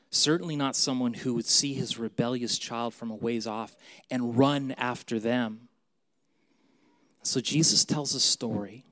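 A man preaching a sermon in a mid-pitched voice. He pleads with his listeners and repeats key phrases. At moments he drops to a soft, intimate whisper. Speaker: pastor.

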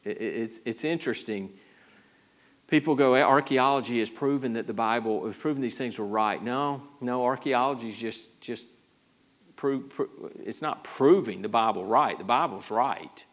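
A man teaching a verse-by-verse sermon in an easy, talky way. He trips over his words and restarts often. When he quotes how people talk, his voice leaps up sharply. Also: normal speed. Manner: conversational teaching with frequent stammered restarts; animated, jumps high when acting out quotes. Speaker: pastor.

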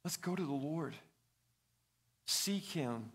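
A man's voice: fairly high pitch, moderate pace, fairly bright tone. A young man, a student pastor, preaching a sermon in an earnest storytelling way. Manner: earnest, storytelling with a child's anecdote. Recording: reverberant hall.

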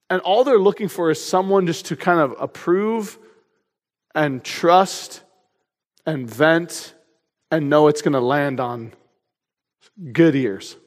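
Male pastor, high voice, lively joking sermon, long reverb of a large church hall. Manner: energetic, humorous, conversational.

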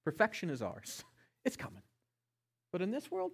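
A man's voice: sits high, wildly swooping pitch, moderate pace, vocal fry, breathy edge. Passionate male pastor preaching a sermon. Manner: passionate, swinging between loud emphasis and hushed tones.

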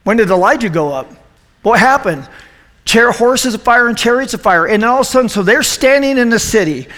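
A middle-aged man as youth pastor, giving an animated, joking sermon to a youth group and asking them questions. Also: very high voice, a little fast, in a large hall.

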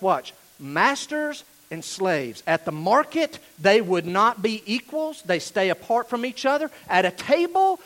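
A man preaching a sermon as pastor, animated and at times shouting. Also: sits high.

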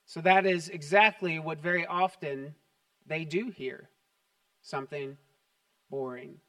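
A man's voice: high voice, fairly bright tone, distant mic. A man preaching a sermon to his church, upbeat and conversational, mixing jokes with scripture. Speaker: pastor. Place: church sanctuary.

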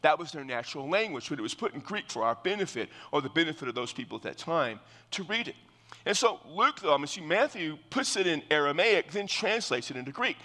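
Guy preaching thru a bible passage, kinda high bright voice, big echoey church hall. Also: very animated, a little fast. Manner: earnest, explanatory, with frequent restarts. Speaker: pastor. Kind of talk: verse-by-verse sermon.

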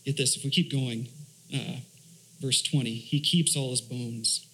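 A man's voice: mid-range voice, steady tone, measured pace, bright, forceful tone, poor audio. A man, a church elder, preaching a sermon, asking rhetorical questions, reading scripture aloud and explaining Hebrew words.

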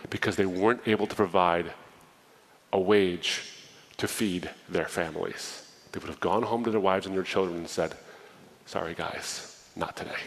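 A man's voice: deep voice, poor audio. A man preaching a sermon, reading a parable aloud and breaking off into casual asides to explain it. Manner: animated storytelling, reading scripture with asides.

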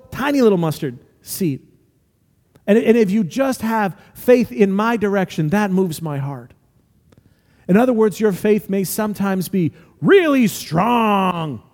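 A man preaching a sermon as pastor, lively and acting out the voices he quotes. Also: high voice, big-room sound. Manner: animated, acts out quoted voices.

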